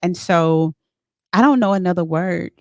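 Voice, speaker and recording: A woman's voice: fairly low pitch, unhurried, a little mellow, no echo. A woman author being interviewed in a studio, speaking earnestly and pouring out heartfelt thanks, with frequent restarts. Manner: earnest and effusively grateful, with many restarts. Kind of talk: casual interview chat.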